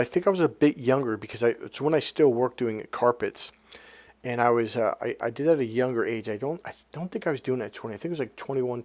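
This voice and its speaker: A man's voice: mid-range voice, no room sound. A man, a life coach, telling a personal story in a rambling, blunt, casual way, swearing now and then.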